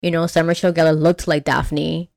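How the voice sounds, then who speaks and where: Rambling young woman, low voice. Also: flat delivery, brisk, vocal fry, a little mellow. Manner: rambling, lots of "like" and restarts. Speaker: podcast co-host. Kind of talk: casual chat.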